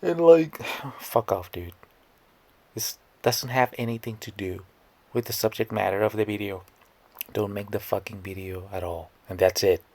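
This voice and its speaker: A man's voice: lowish voice, steady tone, normal speed, a little mellow, dry recording. A man giving scornful, blunt reaction commentary, often stammering and repeating words. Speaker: commentary YouTuber.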